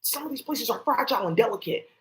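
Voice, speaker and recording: On a livestream, a woman with a fairly high, expressive voice rants quickly in an agitated, profane way, answering voices nobody else hears. The recording quality is low.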